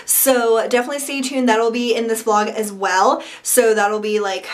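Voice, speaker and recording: A woman's voice: on the high side, steady tone, normal speed. A young woman chatting casually in a vlog, full of "like" and "um". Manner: chatty, filler-heavy with frequent "like" and "um". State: morning voice. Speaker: vlogger.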